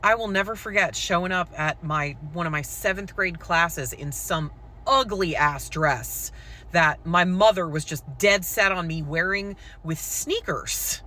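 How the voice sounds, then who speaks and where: With a medium-pitched voice that's bright and forceful, a woman who writes poetry and creates content tells the camera a personal story. She has school-age children, and her delivery is frank and conversational, full of "like" and "um".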